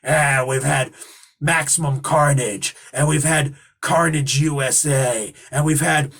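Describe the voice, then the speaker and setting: A man putting on the voice of a gruff, blustering old rich tycoon. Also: a little high, fairly even intonation, slow pace, a bit bright, heavily acted.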